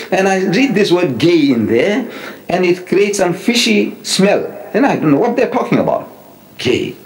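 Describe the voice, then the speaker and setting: A man in his seventies giving a public religious lecture, emphatic and animated, with wry asides. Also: on the high side, a little hiss or hum, poor audio. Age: 70s. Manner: recites Arabic verses quickly, then explains them. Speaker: Islamic lecturer.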